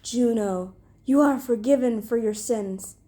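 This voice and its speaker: A woman voicing a gentle, comforting lady with a Spanish accent. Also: on the high side, unhurried, close to an everyday voice.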